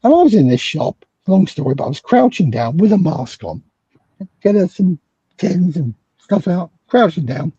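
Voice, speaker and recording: This guest psychologist, a middle-aged British man, narrates a story on a remote call at normal speed, performing all the quoted dialogue with large pitch swings. His voice is raspy, dark and mellow, and the recording is dry and muffled in a lo-fi video-call way.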